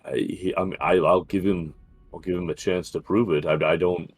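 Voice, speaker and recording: A man speaks in character in an online tabletop game, often stammering and restarting. His voice is very deep and noticeably husky. Soft music plays faintly behind him. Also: steady tone, fairly quick, no room sound. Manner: hesitant, stammering. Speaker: player.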